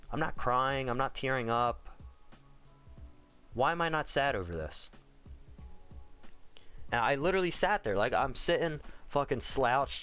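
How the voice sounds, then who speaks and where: A man's voice: lowish voice, a bit bright. A young man telling a personal story in a blunt, casual way, swearing freely and acting out the scenes. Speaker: vlogger.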